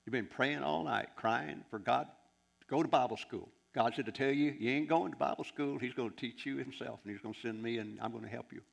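A man's voice: mid-range voice, a little fast, vocal fry. A man voicing an older male prophet who speaks earnestly and reassuringly, like a father. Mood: assuring.

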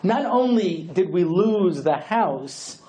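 A man with a high voice gives a humorous religious lecture as a rabbi, telling jokes and swinging between hushed, slow lines and excited bursts.

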